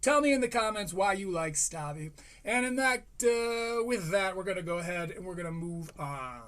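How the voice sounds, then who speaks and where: High-voiced man ranting sarcastically. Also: lively intonation, normal speed, fairly bright tone. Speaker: streamer reviewing a podcast. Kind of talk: live stream rant.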